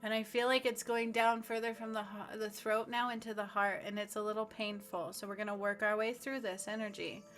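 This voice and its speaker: A woman guides a spiritual healing session in a bright, clear voice that rides over faint music. She talks slowly and earnestly and voices affirmations aloud as if she feels them herself. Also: medium pitch, flat delivery. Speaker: spiritual healer.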